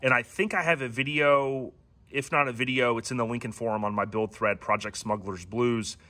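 A man's voice: mid-range voice, moderate pace. A man hosting a casual, rambling walkaround of his classic car, giving owners tips. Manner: relaxed and rambling, many ums and restarts.

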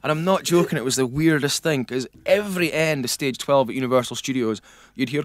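A middle-aged man with a North-east Scottish accent, chatting as a guest in a radio studio and telling lively stories with frequent laughs. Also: fairly high pitch, fast talker, slight background noise. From North-east Scotland. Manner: lively storyteller, laughs often. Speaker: guest singer. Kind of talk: casual radio chat.

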